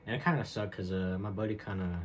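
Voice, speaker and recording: A young man with a lowish voice talks through a personal story on his own podcast. He wanders from point to point and leans on fillers and slang as he goes. A faint hum sits under his voice. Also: fast. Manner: rambling, loose, with many fillers and slang. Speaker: podcast host. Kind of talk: casual solo storytelling monologue.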